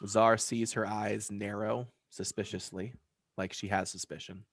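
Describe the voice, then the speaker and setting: Casting: low, gravelly man as game master, rambling scene narration, dry mic. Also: little pitch movement, measured pace, no room sound. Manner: loose, filler-heavy scene description.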